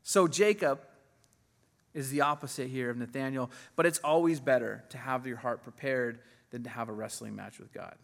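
A man preaching a sermon in an animated, conversational way, often laughing and acting out the people he quotes. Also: mid-range voice, normal speed, gravelly. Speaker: pastor. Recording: long hall reverb.

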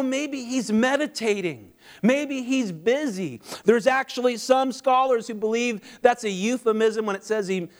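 A man preaching a sermon, animated, with mocking humorous asides. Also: very high-pitched. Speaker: pastor.

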